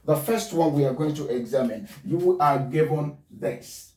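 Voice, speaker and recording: A male teacher giving a pronunciation lesson, spelling out letters and repeating his points deliberately. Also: fairly high pitch, dark tone. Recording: echoey room, far from mic.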